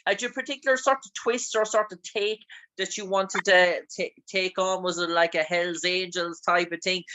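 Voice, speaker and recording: A man's voice: sits high, fairly even intonation, moderate pace, bright, forceful tone, dull audio, slight background noise. A man from Ireland with an Irish accent, interviewing a guest with long, rambling, filler-heavy questions. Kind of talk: casual interview chat.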